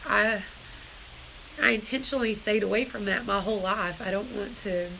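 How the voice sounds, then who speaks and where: A woman's voice: mid-range voice, vocal fry, sharp tone, slight background noise. A woman on a casual live stream from her barn, emotional and tearful, rambling as she talks to her viewers. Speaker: homestead vlogger.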